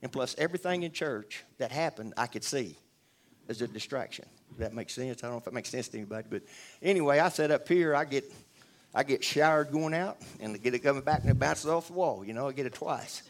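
A man's voice: mid-range voice, lively intonation, quick pace, slight background noise. Man, church testimony, earnest, conversational, lots of restarts and asides to the room. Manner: rambling, earnest, with many restarts and asides to the audience. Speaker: church member giving testimony. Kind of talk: spoken testimony.

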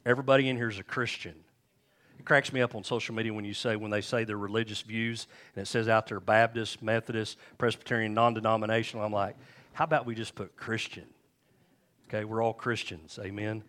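A man's voice: fairly low pitch, level tone, fairly quick, fairly bright tone. A man preaching a sermon to his congregation, telling stories in a folksy, conversational way. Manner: folksy storytelling, addresses congregation directly. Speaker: pastor. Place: church.

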